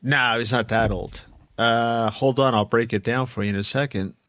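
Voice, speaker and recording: A man's voice: medium pitch, moderate pace, no echo, clean studio sound. A man in his fifties co-hosting a podcast, telling stories in a casual chat and acting out the people he quotes. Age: 50s. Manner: animated storyteller, acts out quoted voices. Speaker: podcast co-host.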